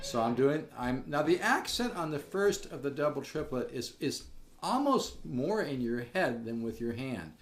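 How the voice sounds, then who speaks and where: Male guitar teacher, mid-pitched, casual and rambling, guitar heard plainly in the back. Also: normal speed. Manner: relaxed, rambling, repeats words, sings the rhythm. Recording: guitar music playing behind.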